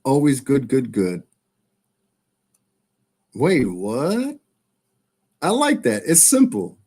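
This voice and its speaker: A man hosting his live stream, signing off in a relaxed, chatty way and laughing often. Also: mid-range voice, very slow, slightly rough. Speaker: host of a live show. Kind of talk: casual live-stream sign-off.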